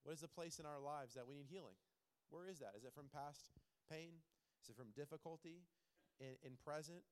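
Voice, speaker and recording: A man's voice: on the high side, a little fast, clear, resonant tone. A man preaching a sermon as a pastor, in a conversational, emphatic way that repeats key phrases and puts questions to the congregation.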